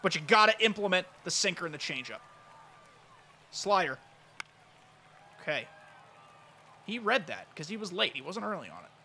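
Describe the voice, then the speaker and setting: A man with a high, bright, ringing voice runs excitable live commentary over his own baseball video game. He chats straight to his viewers, calling each pitch as he plays. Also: moderate pace, long pauses, slight background noise. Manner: excitable, chatty, talks to chat. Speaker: gaming YouTuber.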